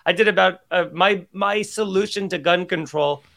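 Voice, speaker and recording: A man, a comedian guest on a podcast, in casual chat, quick and joking, riffing in mock voices. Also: high-pitched, gravelly, a bit bright.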